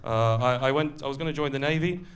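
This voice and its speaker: A man's voice: mid-range voice, fast talker, slight background noise. A man doing a stand-up comedy set on a club stage, chatting and working the crowd. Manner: conversational, crowd-work asides.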